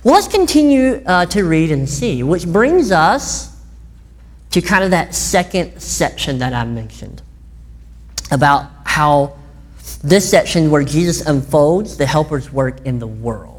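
Woman preacher, conversational sermon, very expressive pitch, chatty questions to the congregation. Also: unhurried. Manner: animated, chatty, asks listeners questions.

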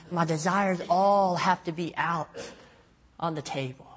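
A young man preaching a sermon as pastor, telling stories with lively acted-out voices and self-mocking jokes. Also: on the high side, unhurried. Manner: animated storytelling, acts out voices in quotes, self-mocking jokes.

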